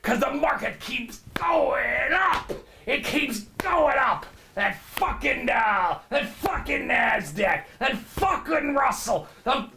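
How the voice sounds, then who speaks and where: A man playing a brash, profane finance show host in an improvised comedy monologue, rambling and boastful, swinging between loud laughing shouts and low mutters. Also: gravelly, noisy background, exaggerated voice. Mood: manic.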